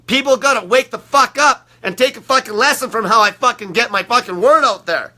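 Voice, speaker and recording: High, sharp-voiced man ranting with profanity. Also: a little fast. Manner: aggressive, profane, repetitive. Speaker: diet group leader. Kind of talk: profane motivational rant.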